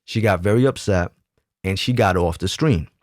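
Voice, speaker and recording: A man's voice: sits low, normal speed, darkish tone, no room sound, studio quality. A man telling a personal story in a casual monologue, emphatic and often checking in with "right?". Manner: emphatic, keeps asking "right?". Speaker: YouTube commentator.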